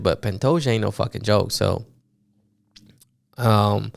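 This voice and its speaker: A man recapping fights on his podcast in a loose, animated monologue, swearing often and full of fillers. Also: on the low side, moderate pace, creaky, pauses often, no echo, clean studio sound. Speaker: podcast host.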